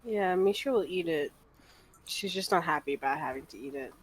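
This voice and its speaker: A woman's voice: low-pitched, expressive, a little fast, slight background noise. A woman with a New York accent chatting at a tabletop game, giggly and laughing often. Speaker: player. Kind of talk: casual chat at a tabletop game.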